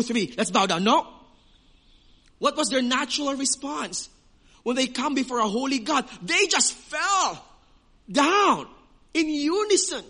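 A man's voice: very high voice, sharp tone. A man preaching a sermon as pastor, emphatic, with rhetorical questions.

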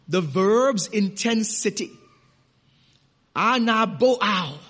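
A male pastor preaching a sermon to his church. He calls the listeners "dearly beloved" and slows down to stress key words. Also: extremely high pitch, fairly bright tone. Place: church sanctuary. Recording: long reverb of a church hall.

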